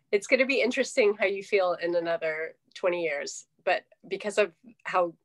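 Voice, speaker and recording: A woman from California, a podcast guest, talking in a reflective, halting way with frequent restarts. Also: lowish voice. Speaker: podcast guest, singer-songwriter. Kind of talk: casual interview chat.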